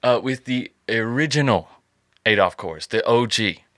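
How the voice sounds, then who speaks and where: A man's voice: mid-range voice, expressive, measured pace, fairly bright tone, no room sound, studio quality. A man hosting a podcast in casual chat, telling the story as a joking, profane storyteller. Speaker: podcast host.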